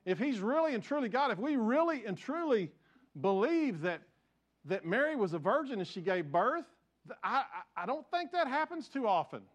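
A man's voice: very high-pitched, big pitch swings, moderate pace. A man preaching a sermon, repeating key phrases and drawing the congregation to answer him, with conversational asides and restarts. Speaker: pastor.

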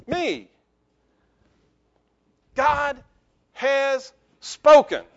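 A male pastor delivering a lively sermon in church, joking with the congregation and calling for amens. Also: very high voice, very slow, dull audio.

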